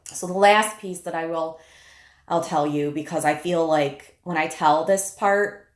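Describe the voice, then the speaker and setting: A woman with a fairly low voice shares a personal story straight to camera, candid and emotional, with swearing slipping in freely. Her voice rings in an echoey room. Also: measured pace. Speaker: widow telling her story.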